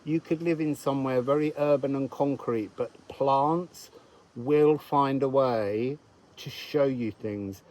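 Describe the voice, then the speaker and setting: A man's voice: medium pitch, takes it slowly, a little mellow, rough recording. A man giving a casual, meandering astrology and card reading outdoors, thinking aloud as he goes.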